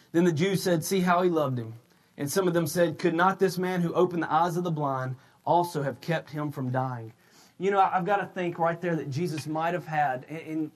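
High-voiced preacher, shouting then casual. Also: male voice. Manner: shouts emphatic points, then drops into casual storytelling; loose, conversational retelling with frequent restarts. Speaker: pastor. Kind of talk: sermon.

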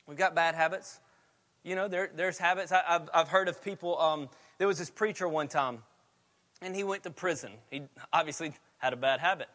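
A man's voice: high voice, bright, forceful tone. A man preaching a sermon in a chatty storytelling way, laughing often as he tells stories. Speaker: pastor.

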